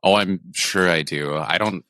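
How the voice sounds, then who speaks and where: Bright-toned man chatting casually. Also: deep voice, a little slow, no echo, clean studio sound. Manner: rambling, self-deprecating, lots of fillers. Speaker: podcast guest, comedy streamer. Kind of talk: casual chat.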